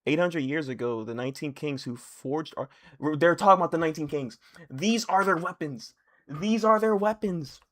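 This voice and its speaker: A young man on a live stream reacting as he reads. He swings from low muttering to loud, surprised outbursts and often repeats phrases. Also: moderate pace.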